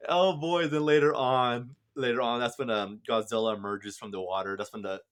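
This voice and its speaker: A man's voice: lowish voice, little pitch movement, fairly quick, fairly bright tone, clear, resonant tone. A man casually reviewing a movie, rambling with lots of fillers and restarts. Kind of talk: casual film review vlog.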